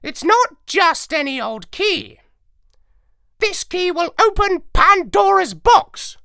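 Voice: very high-pitched, very animated, takes it slowly, gravelly, pushed and bright, no room sound, studio quality, voice pushed up, exaggerated voice. A storyteller voicing a clever, grumpy male parrot officer who squawks shrilly and scornfully, in a storybook reading. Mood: lecturing. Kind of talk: storybook narration.

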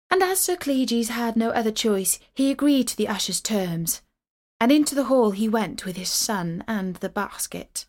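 Woman, fairly high voice, storybook reading, steady, clear narration. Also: moderate pace.

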